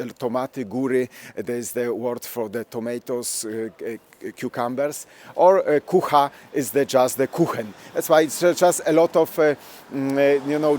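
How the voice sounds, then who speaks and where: A man with a Polish accent guiding a live walking tour outdoors, speaking halting, hesitant English full of restarts. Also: medium pitch, darkish tone. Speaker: tour guide. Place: outdoors on town streets.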